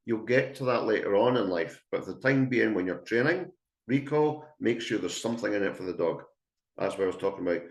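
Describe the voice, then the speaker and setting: The Scottish dog trainer, lowish-voiced in an echoey room, delivers a talkative, emphatic webinar to people gathered indoors, playing out the calls he'd give a dog.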